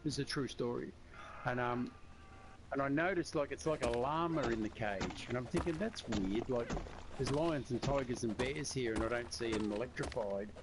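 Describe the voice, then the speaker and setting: A man's voice: medium pitch, normal speed. A man chatting casually on voice chat during a game stream, telling long rambling anecdotes. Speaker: friend on voice chat. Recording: noisy voice-chat audio.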